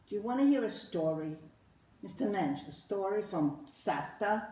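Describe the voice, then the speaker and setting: A woman's voice: lowish voice, lively intonation, normal speed, warm tone. An older woman teaching children their letters with a puppet, playful and coaxing, repeating words for them to say back. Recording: roomy echo.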